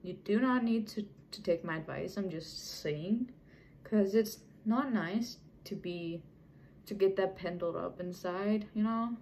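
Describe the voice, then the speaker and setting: A young woman vlogger rambles casually to her viewers at an unhurried pace. Her thoughts wander, and she often breaks off and restarts her sentences. Her voice sits at an ordinary middle pitch. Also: a little mellow, poor audio. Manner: rambling, chatty, with many restarts. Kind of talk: casual unscripted talk to camera.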